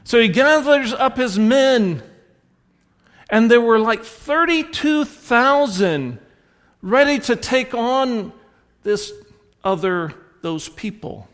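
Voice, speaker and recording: Very high-pitched, expressive, and fairly bright, this pastor's voice moves slowly as he preaches with a Southern American accent. He tells stories in a rambling way, correcting himself and restarting, amid a long hall reverb.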